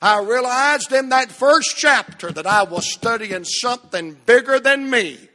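A humble old churchgoing man tells his story earnestly and plainly, as a preacher quotes him. His high voice rings through a reverberant church hall. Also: lively intonation, a little slow, sharp tone, full character voice.

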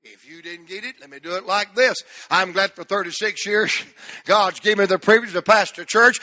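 An older man preaches from the pulpit in a high, bright tenor. He swings from quiet, folksy storytelling into shouted, repeated exhortations. His tone stays sharp and ringing even at full volume. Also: a little fast. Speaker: pastor. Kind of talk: revival-style sermon.

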